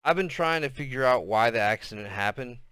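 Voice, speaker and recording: A man reads a novel aloud at an easy pace, now and then tripping on a word. His voice is bright and smooth. The recording is dry and close. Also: medium pitch, expressive, no room sound. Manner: unhurried reading with small slips. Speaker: reader.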